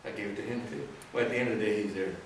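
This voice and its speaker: A middle-aged man from Texas, his low voice telling stories to an audience. He acts out quotes as he goes, and the sound comes from far away across a very echoey room, with clear noise underneath. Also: very fast. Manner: animated anecdotes with acted quotes and laughter. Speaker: presenter. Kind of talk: storytelling talk to an audience. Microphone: distant room mic.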